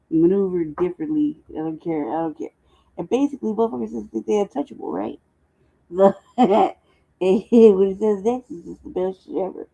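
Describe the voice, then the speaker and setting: A woman's voice: mid-range voice, normal speed, gravelly, dark tone. A woman hosting a casual commentary chat, laughing often and talking in loose slang. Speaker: host. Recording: dull lo-fi sound.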